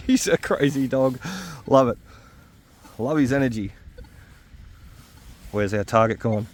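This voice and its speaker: A man, giving casual, excitable commentary while metal detecting outdoors on a farm. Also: medium pitch. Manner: excitable, chatty, often exclaiming.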